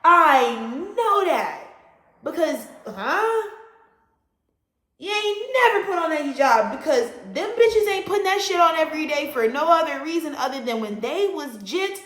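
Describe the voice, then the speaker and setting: A woman with a fairly high voice rants bluntly at her viewers, profane and animated, punching her words. Her voice rings around an echoey room. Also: moderate pace. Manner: blunt, profane and animated, with frequent loud emphasis. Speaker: astrology vlogger. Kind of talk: casual ranting monologue.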